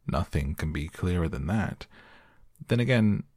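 A man's voice: sits low, expressive, a little slow, a little mellow, no echo, clean studio sound. A man reading the part of a fussy, self-important old king who mutters as he reasons. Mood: pompous musing. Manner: muttering, pleased with his own reasoning.

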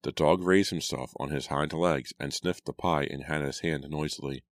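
A man with a very deep voice reads an audiobook in a steady, measured way. The sound is dry and close-miked, and it's scripted narration.

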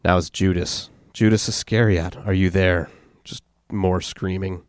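Deep, flat-voiced man retelling a story. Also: a little slow, no echo, clean studio sound. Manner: retells events flatly, reading quotes aloud. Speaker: podcast host. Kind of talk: storytelling podcast chat.

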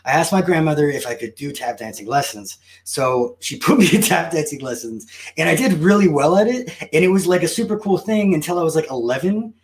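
A man's voice: a little high, brisk, few pauses. Guy telling a wild story in a casual chat, joking at himself. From United States. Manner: storytelling, animated, self-mocking. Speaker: guest.

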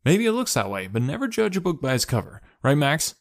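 A man voicing a sharp-tongued young female student with curt, icy retorts. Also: fairly high pitch, sing-song, a little fast, pitched above the performer's own voice. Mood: confident.

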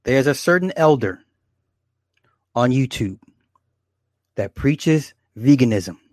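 Brief: man, 40s, livestream host, casual and profane, laughs a lot, mid pitch, dry close sound. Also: animated, slow, no room sound. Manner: rambling, profane, laughs often, talks to viewers. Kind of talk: casual livestream chat, reading comments.

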